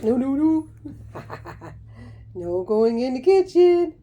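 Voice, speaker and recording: Woman, high and very animated, slow, playful pet-talk at home. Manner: playful, teasing, sing-song coaxing. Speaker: pet owner filming her parrot. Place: home, indoors.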